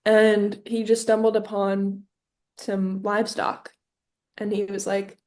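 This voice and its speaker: Speaking slowly in an ordinary mid-range voice, this young co-host of a laid-back comedy podcast spins ridiculous tales with tongue-in-cheek gravity. Her delivery is flat and a little mellow, and the conversation stays relaxed and full of jokes.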